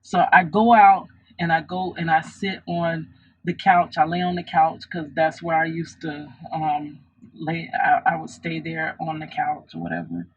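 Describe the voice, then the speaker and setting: A woman's voice: sits low, flat delivery, unhurried, breathy edge, lo-fi sound. A woman vlogger telling a personal story in an earnest, reflective way, often restarting her sentences.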